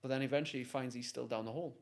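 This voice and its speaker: Man telling an animated story. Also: mid-range voice, rapid-fire. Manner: animated, acts out voices. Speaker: guest, motivational speaker. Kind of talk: storytelling in conversation.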